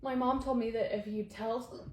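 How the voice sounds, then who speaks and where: A woman's voice: a little high, steady tone, normal speed. A young woman in her twenties hosting a podcast, chatting casually and giggling as she talks straight to her listeners. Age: 20s. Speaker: podcast host. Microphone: podcast mic. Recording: echoey room, faint background noise.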